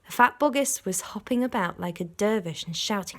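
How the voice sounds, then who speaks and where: A woman, a primary school teacher, reading a storybook aloud to children in an expressive way, stopping to explain words. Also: on the low side, moderate pace, creaky, hardly any pauses, noisy background.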